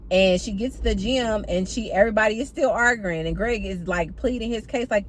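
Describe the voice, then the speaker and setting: A woman's voice: mid-range voice, brisk, few pauses, a little hiss or hum. Chatty woman recapping a TV episode. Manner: chatty, animated, talks straight to viewers. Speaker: TV recap vlogger. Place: in or by a parked car.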